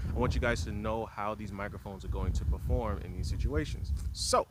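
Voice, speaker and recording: A man vlogging outdoors while testing microphones, talking loudly to carry over the wind, with the camera held at arm's length. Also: on the low side, fairly quick, few pauses. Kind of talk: casual outdoor vlog. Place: outdoors in strong wind near a tripod. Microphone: camera mic held at arm's length. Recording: loud wind noise outdoors.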